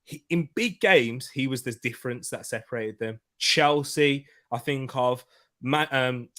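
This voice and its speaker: A man co-hosting a casual football podcast, animated and quick to laugh, often restarting his sentences. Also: medium pitch. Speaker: podcast co-host.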